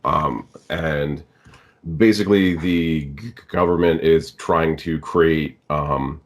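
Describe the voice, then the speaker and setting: Deep-voiced man, halting casual talk. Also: steady tone. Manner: halting, stammering starts, swears freely. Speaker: guest actor and audiobook narrator. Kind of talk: casual podcast chat.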